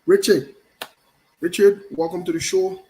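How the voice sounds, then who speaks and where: High-voiced playful man hosting. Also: wildly swooping pitch, unhurried, creaky, warm tone, a little hiss or hum, poor audio. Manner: playful, teasing, repeats phrases. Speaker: show host. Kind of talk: casual live-stream chat greeting viewers.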